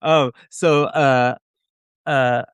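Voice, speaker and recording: A venture investor, appearing as a guest on a video call interview, tells rambling, self-deprecating stories from his computer and restarts often. His mid-range voice is steady and smooth, and he speaks extremely slowly. There's no echo.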